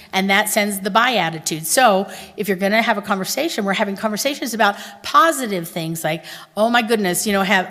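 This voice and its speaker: Texan lady speaker, chatty and animated, talking in a big echoey hall. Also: medium pitch. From Texas. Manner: chatty, animated storytelling with audience questions. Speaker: conference speaker. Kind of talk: conference talk. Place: large conference hall. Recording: reverberant hall.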